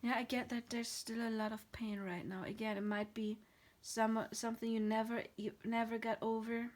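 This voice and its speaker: A woman doing a pick-a-card tarot reading, soft and halting, near tears and often dropping to a whisper. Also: a little high, flat delivery.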